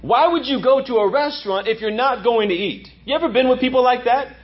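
A man's voice: very high-pitched, brisk, lo-fi sound, a little hiss or hum. A man preaching a sermon as pastor, emphatic and repeating lines for effect.

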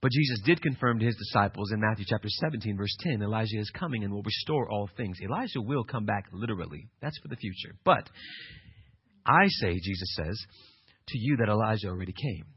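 A male pastor preaching an emphatic sermon, swinging from quiet passages to loud, insistent ones. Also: lowish voice, lively intonation, a little fast, slightly rough, dry recording, dull audio.

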